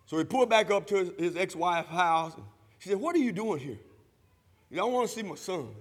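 A man preaching a sermon, using call-and-response and rising to shouts, in a church sanctuary. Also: sits high, animated, brisk. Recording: long hall reverb.

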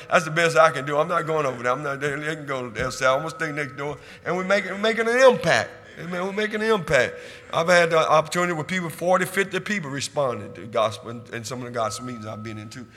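A man preaching a sermon in church, drawing call and response from the congregation, repeating himself and building from quiet talk to loud shouting. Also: a little high, in a large hall. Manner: repetitive, asks the church for amens. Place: church sanctuary.

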